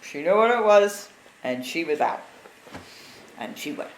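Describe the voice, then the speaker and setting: A woman in her sixties telling family stories in casual conversation, lively and acting out what others said. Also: on the low side, measured pace. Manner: animated, acts out quotes of others. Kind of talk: casual storytelling. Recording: echoey room with faint background noise.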